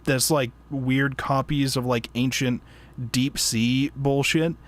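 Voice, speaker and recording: A man's voice: mid-range voice, steady tone, slow pace. A man hosting a casual book club chat, rambling with lots of fillers, laughing and breaking off mid-sentence. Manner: rambling, laughing, frequent fillers and self-interruptions. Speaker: podcast host.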